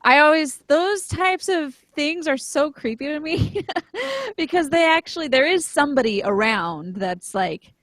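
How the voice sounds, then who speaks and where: A woman co-hosting a casual podcast chat, friendly and quick to laugh, talking in loose run-on sentences. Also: sits high, sing-song, a bit bright, no room sound. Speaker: podcast co-host.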